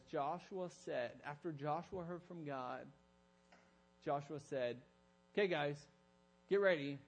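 A man preaching a sermon, telling a story in lively fashion and acting out the voices of the people he quotes. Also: low-quality recording. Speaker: pastor. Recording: low mains hum.

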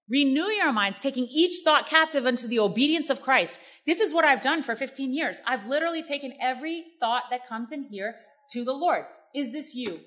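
Bright high-voiced woman preaching. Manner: preaching with call-and-response "amen" and "right?". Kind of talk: sermon.

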